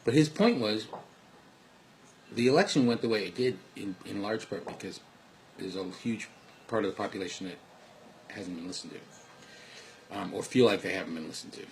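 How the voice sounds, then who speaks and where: A man's voice: fairly low pitch, normal speed, long pauses, a little hiss or hum. A man at home giving earnest parenting and life advice in a casual, rambling way, full of restarts. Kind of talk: casual spoken monologue. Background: dogs and household sounds faintly.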